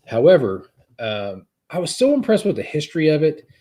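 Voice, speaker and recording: A man with kids, a guest chatting casually on a live stream, talking in halting bursts with many restarts. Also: fairly high pitch, wildly swooping pitch, warm tone. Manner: halting, lots of restarts and fillers. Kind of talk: casual chat. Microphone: live stream setup.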